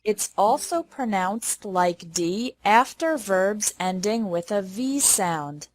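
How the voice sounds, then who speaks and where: A woman teaching English pronunciation, saying model words slowly and deliberately. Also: medium pitch, lively intonation. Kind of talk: pronunciation lesson.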